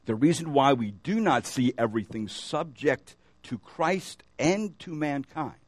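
A man's voice: mid-range voice, lively intonation, measured pace, no echo. A man preaching a sermon as pastor, reading scripture aloud and asking the congregation questions as he goes. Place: church.

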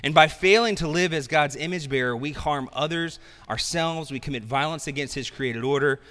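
A man with a bright, slightly high voice preaches a sermon as pastor. He talks in a conversational way and drops self-deprecating asides. His voice rings with the long echo of a church hall. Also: moderate pace.

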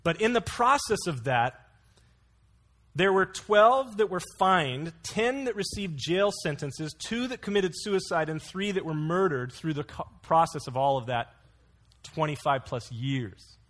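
A man's voice: fairly high pitch, animated, a little slow, a bit bright. A man preaching an earnest expository sermon, mixing scripture with anecdotes.

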